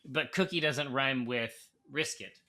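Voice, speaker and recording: A man's voice: medium pitch, measured pace, bright, forceful tone. A man co-hosting a live brewing stream, chatting casually with many fillers and restarts. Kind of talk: casual chat while reading viewer comments.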